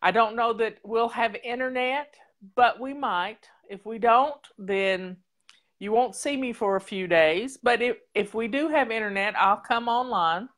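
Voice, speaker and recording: A woman's voice: a little high, a little slow, a bit bright. A woman hosting a casual livestream, chatting in a folksy, rambling way straight to her viewers. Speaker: show host.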